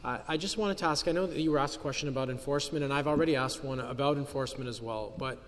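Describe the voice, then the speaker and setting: A man's voice: medium pitch, racing. A man asking a polite, long run-on question in a parliamentary debate. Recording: long hall reverb.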